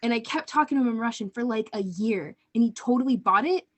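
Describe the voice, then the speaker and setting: A young woman co-hosting a casual talk show, full of lively storytelling energy. She talks quickly and eagerly, jumping from one point to the next. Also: on the high side. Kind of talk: casual chat.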